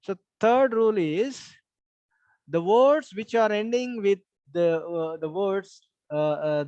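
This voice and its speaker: A man's voice: high-pitched, lively intonation, slow pace, darkish tone, smooth, no echo. A man with an Indian English accent teaching an online English class, patiently repeating points and spelling words out letter by letter. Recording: dull lo-fi sound.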